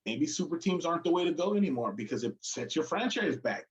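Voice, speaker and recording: A man's voice: fairly high pitch, big pitch swings, fast talker, highs cut off. A man co-hosting a casual sports chat, rambling and hesitant, often fumbling for names. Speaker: co-host. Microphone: streamed call mic.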